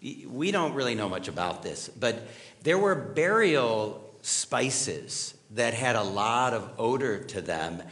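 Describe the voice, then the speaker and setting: Man, middle-aged, pastor, sermon, chatty storytelling, animated intonation. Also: medium pitch, takes it slowly. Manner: conversational, storytelling, asks the audience questions.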